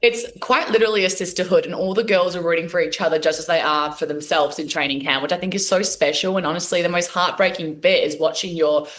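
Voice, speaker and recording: Fast-talking bubbly Australian woman. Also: fairly low pitch, fairly even intonation, fairly bright tone. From Australia and New Zealand. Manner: bubbly, gushing. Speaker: guest cheerleader. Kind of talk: casual phone-in interview.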